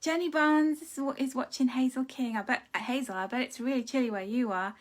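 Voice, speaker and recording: A woman's voice: high voice, a little fast. Chatty woman greeting livestream viewers. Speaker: card reader hosting a livestream. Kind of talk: casual live-stream chat. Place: home room.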